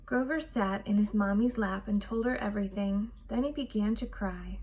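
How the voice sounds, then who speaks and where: A woman reading a children's picture book aloud, expressive and measured. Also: medium pitch, slight background noise. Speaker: storytime reader.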